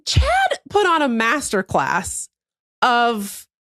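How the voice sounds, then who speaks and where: A woman co-host spins a comedy story on a podcast, her pitch leaping all over as she laughs and acts out the people in it. She swears casually and keeps the energy up. The sound is close and dry, with no room around it. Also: takes it slowly, no room sound. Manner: animated storytelling, laughs often.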